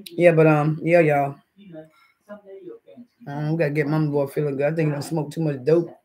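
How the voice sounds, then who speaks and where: Fairly high-voiced guy on a live stream eating breakfast, chatty, reads the chat out loud, laughs a lot. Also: level tone, moderate pace, crowd noise. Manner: chatty, eats between sentences and reads the chat aloud; laughs often, with sudden loud outbursts.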